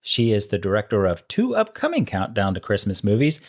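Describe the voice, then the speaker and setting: A man's voice: fairly low pitch, huge pitch swings, a little fast. A man co-hosting a podcast in casual chat, easygoing and agreeable while reading credits. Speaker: podcast co-host.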